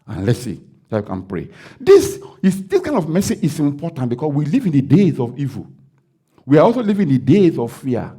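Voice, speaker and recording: A Nigerian man, a pastor, preaching a sermon and acting out the dialogue of a story he tells, breaking into loud declarations. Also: on the high side, wildly swooping pitch, fairly quick, husky.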